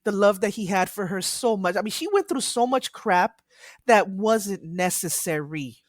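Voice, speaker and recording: A woman's voice: medium pitch, animated, normal speed, dry recording. A woman co-hosting a podcast, talking casually about films in an outspoken, emphatic way. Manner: outspoken, emphatic, laughs easily. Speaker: podcast co-host. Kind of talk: casual film chat.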